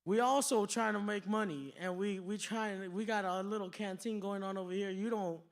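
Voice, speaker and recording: A man's voice: sits high, steady tone. A comedian playing a laid-back male school staffer who stammers and drawls as he speaks. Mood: apologetic. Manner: slow, hesitant, stammering.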